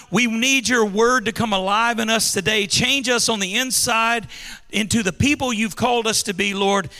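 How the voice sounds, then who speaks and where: A man's voice: high-pitched, pushed and bright, long reverb tail. A man preaching a sermon, leading call-and-response with the congregation. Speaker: pastor. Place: large church hall.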